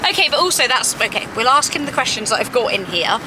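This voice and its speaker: A woman's voice: fairly high pitch, expressive, fast talker. A young woman chatting casually in a vlog, bubbly and giggly, recorded outdoors. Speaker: vlogger. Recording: outdoor noise with passing vehicles.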